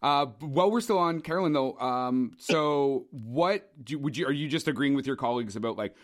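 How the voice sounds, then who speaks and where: A man's voice: medium pitch, normal speed. A man hosting a podcast, asking guests questions casually and stumbling a little over his words. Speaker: podcast host. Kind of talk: interviewing guests.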